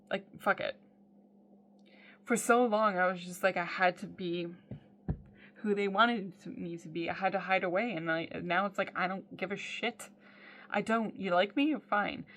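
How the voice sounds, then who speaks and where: A woman speaking straight to her followers in a video diary, blunt and casual. She swears freely and fills her pauses with "um." Her voice sits at an ordinary middle pitch. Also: fairly bright tone. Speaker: vlogger.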